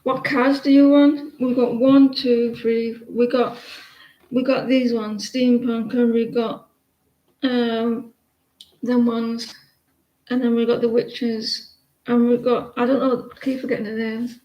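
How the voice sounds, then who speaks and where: A woman's voice: a little high, little pitch movement, slow pace, lo-fi sound. A middle-aged woman doing a casual live-stream tarot reading, blunt and rambling as she chats with viewers. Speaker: tarot card reader. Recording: roomy echo.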